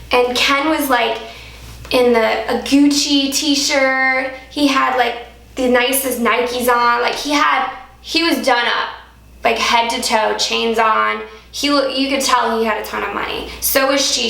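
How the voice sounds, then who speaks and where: A woman's voice: a little high, gravelly, a bit bright. A young woman from Alaska, telling a personal story to camera in a chatty vlog style, full of "like". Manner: chatty, heavy use of "like". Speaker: vlogger. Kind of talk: casual story-time monologue. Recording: echoey room.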